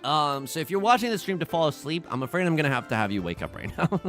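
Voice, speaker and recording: A man's voice: on the high side, big pitch swings, fast talker, pushed and bright. A young man streaming, chatting casually and rambling with self-mocking jokes while he plays. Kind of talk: casual livestream chat while playing. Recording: faint music behind.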